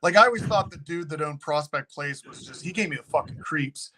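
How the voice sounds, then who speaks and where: A man who owns a haunted location, a guest telling a story in casual, animated talk and swearing freely. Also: fairly high pitch, fairly quick.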